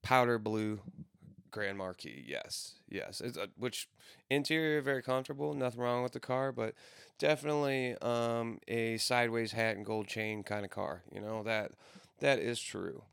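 A man's voice: mid-range voice, moderate pace, creaky, a bit bright, clean tone, dry recording, studio quality. A man in his thirties rambling through casual, profane stories with frequent restarts. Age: 30s.

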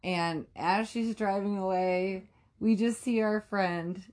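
A woman's voice: medium pitch, steady tone, slow pace, a little mellow. A woman co-hosting a podcast, telling a rambling story in casual chat, swearing freely and filling with "like". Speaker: podcast co-host.

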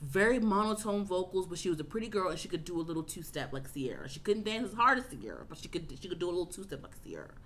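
A woman with a somewhat low voice rattles off her thoughts at a quick clip. She rambles and restarts herself in loose, animated podcast chatter. A faint hiss of noise sits underneath. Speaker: podcast co-host. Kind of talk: casual chat.

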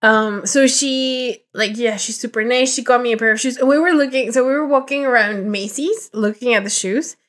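A woman's voice: fairly high pitch, normal speed, few pauses, fairly bright tone. A young woman co-hosting a podcast, telling a rambling story in casual chat, full of fillers and acted-out quotes. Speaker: podcast co-host.

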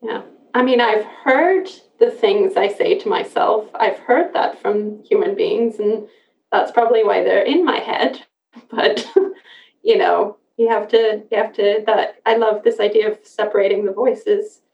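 A woman hosting a casual podcast conversation, chatty and quick to laugh, often restarting her sentences. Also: medium pitch, vocal fry. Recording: roomy, distant, dull sound.

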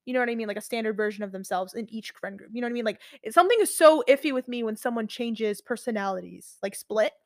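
A woman's voice: a little high, fast talker, few pauses, no echo, clean studio sound. A young woman in her twenties chatting casually with a friend, rambling with many restarts and fillers. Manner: rambling, heavy use of "like", frequent restarts. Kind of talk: casual chat.

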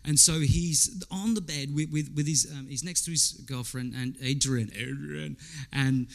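Man, sermon, conversational preacher, slightly high voice, rhetorical questions, repeats words. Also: unhurried, vocal fry.

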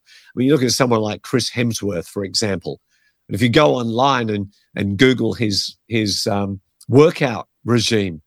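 A man's voice: medium pitch, no echo, studio quality. A man, a pastor teaching in a conversational, earnest way and giving numbered points. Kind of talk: podcast teaching on faith and health.

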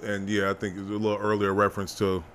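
A man's voice: fairly low pitch, monotone, fast talker, a bit bright, a little hiss or hum. A man co-hosting a podcast, talking loosely in slang and trailing off mid-thought. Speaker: podcast co-host. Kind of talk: casual podcast chat.

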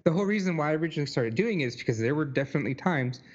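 A man's voice: fairly high pitch, animated, racing. Rambling man in a dull-sounding podcast. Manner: rambling, many likes and you knows. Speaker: podcast co-host. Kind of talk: casual chat.

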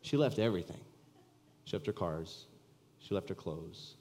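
Lower-voiced male pastor in reverberant hall. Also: expressive, moderate pace, warm tone, a little hiss or hum. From California. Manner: earnest conversational storytelling preaching. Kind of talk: sermon. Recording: long reverb of a church hall.

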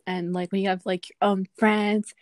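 A woman's voice: mid-range voice, little pitch movement, moderate pace, dry recording. Woman co-host, giggly, dry close sound. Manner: giggly, laughs often. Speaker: podcast co-host. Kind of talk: casual chat.

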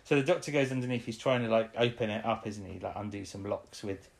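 A woman's voice: very deep voice, fast talker, creaky. A woman co-hosting a podcast, casually recapping an episode, rambling and laughing often. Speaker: podcast co-host.

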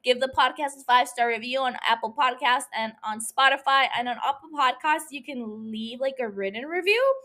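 A woman's voice: high voice, fairly quick, few pauses, pushed and bright. A woman hosting her own podcast in a playful, profane and chatty solo monologue. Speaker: podcast host.

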